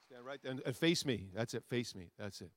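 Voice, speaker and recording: A man preaching to a congregation from the pulpit, medium-pitched and lively. He drives home repeated phrases, his voice rising and swelling, then sinks into hushed, low asides. The sound is dry and close, with little room around it. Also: fairly quick, no echo. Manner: swings between loud soaring lines and low quiet asides; repetitive, rousing preaching cadence. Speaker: pastor. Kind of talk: sermon. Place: church sanctuary before a congregation.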